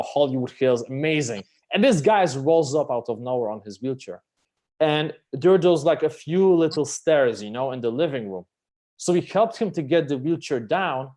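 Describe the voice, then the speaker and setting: A male guest on a live stream tells stories in an animated, emphatic way, with casual swearing. His voice sits at a middle pitch for a man. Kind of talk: live-stream conversation, storytelling.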